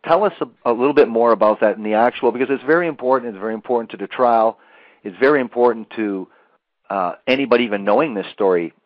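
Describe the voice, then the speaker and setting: A man's voice: medium pitch, fast talker, no echo, dull audio. A man hosting a radio interview, prompting his guest for details and repeating himself as he asks.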